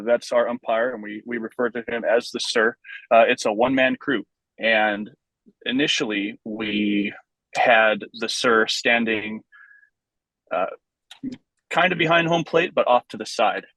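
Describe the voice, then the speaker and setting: A man guesting on a podcast, explaining things in a relaxed, casual way with plenty of ums and uhs. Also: medium pitch, dry recording, poor audio. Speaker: vintage base ball club member, guest.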